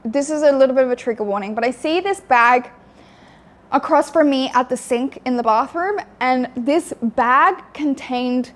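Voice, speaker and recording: Young woman vlogger, fairly high voice, blunt, swears a lot, talks in fillers. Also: moderate pace. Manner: blunt and frank, swears often, many fillers. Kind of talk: candid storytelling.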